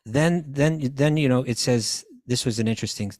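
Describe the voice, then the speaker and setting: A man's voice: medium pitch, normal speed, darkish tone, no room sound. Man explaining verses on a dry mic. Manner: quotes and translates Sanskrit verses, restarts phrases often. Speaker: spiritual teacher answering questions. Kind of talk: explanatory talk on scripture.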